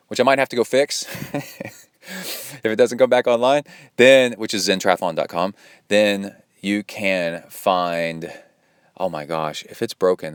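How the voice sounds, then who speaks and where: A man with a lowish, clean voice hosts a podcast as a triathlon coach, rambling chattily through casual solo talk full of fillers and asides. Studio-quality recording, no echo.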